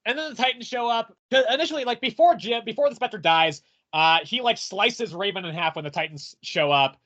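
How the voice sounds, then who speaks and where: Animated, profane man ranting on a podcast. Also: sits high, fairly quick, dull audio. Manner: animated, profane, rants with acted-out quotes. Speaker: podcast co-host reviewing comics. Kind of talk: casual podcast chat.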